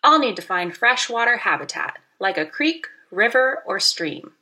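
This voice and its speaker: A woman's voice: medium pitch, big pitch swings, moderate pace, sharp tone. A woman voicing an adventurous female trout who frets and exclaims about her water in a storybook reading. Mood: hopeful. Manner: fretful, exclaiming, picky.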